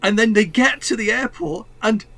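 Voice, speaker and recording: A man's voice: high voice, normal speed, vocal fry, pushed and bright. A man enthusing about a film in casual conversation, rambling with restarts and laughs.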